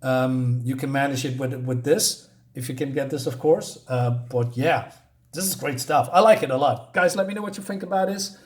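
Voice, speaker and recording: A man's voice: medium pitch, normal speed. Chatty man reviewing a comic. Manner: chatty, with laughs, fillers and asides.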